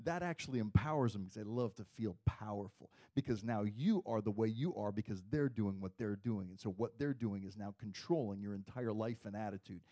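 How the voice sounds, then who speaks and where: A man preaching a sermon in a conversational, storytelling way, dropping to a hush and then rising to loud emphasis. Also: lowish voice, brisk, hardly any pauses.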